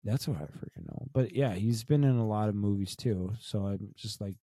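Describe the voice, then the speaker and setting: Low, dark-voiced man in casual chat. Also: dry recording, clean studio sound. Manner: rambling, halting with many restarts and fillers. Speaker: podcast co-host.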